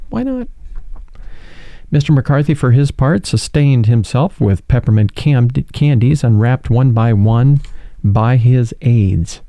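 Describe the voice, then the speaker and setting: Male host, very dark mellow tone, sarcastic running commentary, dry close sound. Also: mid-range voice, dry recording. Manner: incredulous, sarcastic, addresses viewers as folks; reads news quotes aloud. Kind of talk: casual political commentary.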